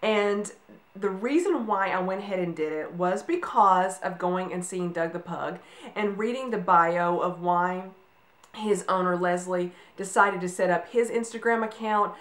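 A woman's voice: lowish voice, measured pace, fairly bright tone. A woman in her forties chatting casually to camera, rambling a little with frequent ums. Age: 40s. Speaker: vlogger. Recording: echoey room.

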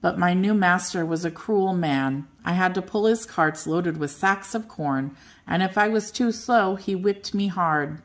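An older woman reading a children's bedtime story aloud in a gentle, expressive way. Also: fairly low pitch, unhurried.

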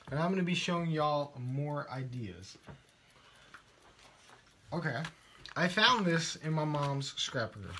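A man's voice: on the high side, a bit bright, slight background noise. A man with a Texan accent, guest-presenting a live craft show in a playful, silly way, joking as he reads viewer comments.

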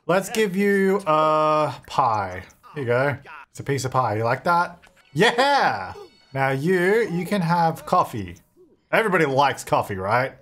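Chatty guy doing gameplay commentary, kinda high voice, really bouncy intonation, talks to his sims. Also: sing-song, measured pace, a bit bright. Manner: chatty, talks to his game characters, laughs often. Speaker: gaming video creator.

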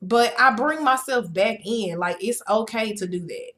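A woman's voice: a little high, a little slow, a bit bright. A woman in her twenties giving a casual, emphatic motivational talk as host of her own show, chatty and full of "like" and "literally". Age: 20s.

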